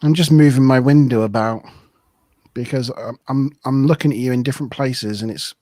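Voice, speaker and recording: A man's voice: medium pitch, fairly quick, mellow, no room sound. A man hosting a casual episode recap over a video call, rambling, correcting himself and laughing often. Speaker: podcast host.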